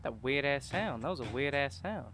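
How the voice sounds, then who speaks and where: A young man gives goofy, jokey commentary while he plays a horror game and taunts the screen. His voice sits at a middle pitch. A faint hiss runs under it. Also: lively intonation, normal speed, fairly bright tone. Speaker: gaming YouTuber.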